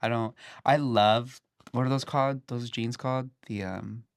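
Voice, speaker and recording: A man's voice: medium pitch, steady tone, moderate pace, clear, resonant tone, no room sound, clean studio sound. A young man who DJs, chatting casually as a guest and rambling with plenty of filler words. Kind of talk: casual chat.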